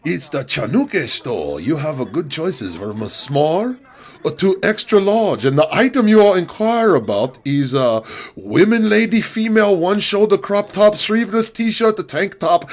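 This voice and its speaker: A man's voice: high-pitched, sing-song, measured pace, pitched above the performer's own voice, exaggerated voice. A man voicing a very polite male online-shop phone operator who talks in broken English and recites long product titles. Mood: eager, salesy. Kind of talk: comedy impression bit.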